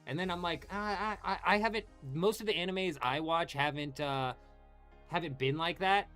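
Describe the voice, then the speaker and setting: A young man hosting a live game stream, chatting casually with viewers, animated and full of swearing. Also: fairly high pitch, moderate pace, faint music behind. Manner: animated, swears a lot, talks to chat by name. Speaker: livestream host.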